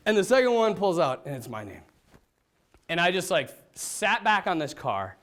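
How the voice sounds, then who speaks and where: A man, a priest, telling a personal story to an audience, swinging from hushed to excited. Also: high voice, brisk. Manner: lively, dramatic swings from hushed to excited, laughs often. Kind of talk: animated storytelling talk to an audience.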